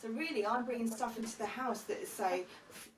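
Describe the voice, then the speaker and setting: A woman's voice: on the high side, fairly quick, recorded from a distance, over a noisy crowd, rough recording. A woman co-host musing loosely about energy in a casual podcast chat.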